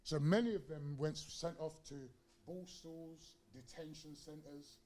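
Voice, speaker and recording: Animated man telling a story. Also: a little high, takes it slowly, slight background noise. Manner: animated storyteller, acts out quotes, varies loudness widely. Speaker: guest lecturer. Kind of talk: public lecture with personal storytelling. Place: lecture hall.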